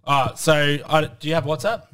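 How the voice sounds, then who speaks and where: A man's voice: fairly high pitch, moderate pace, a bit bright, clean tone, no echo, far from the mic. A man, co-hosting a casual podcast and reading out messages in a playful, mocking way. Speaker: podcast co-host.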